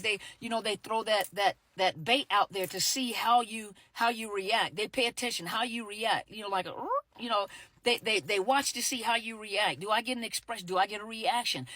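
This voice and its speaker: Talking informally to the camera, a middle-aged woman who works as a therapist and coach uses a medium-pitched, slightly bright voice, recorded with no room sound. Her speech is full of "you know" and repeated words, with occasional acted-out snippets of dialogue.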